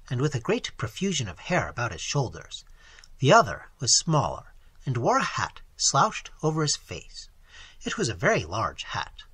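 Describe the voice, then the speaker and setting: A man's voice: on the high side, pushed and bright, husky, no room sound, exaggerated voice. A man voicing a plump, pompous, self-pitying country clergyman who rambles on self-righteously. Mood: recounting.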